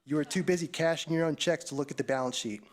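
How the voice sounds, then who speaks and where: A man's voice: on the high side, fast talker. A man, a tax professional, delivering a prepared, scathing public comment that accuses the town council. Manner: scathing, accusatory, read-out speech.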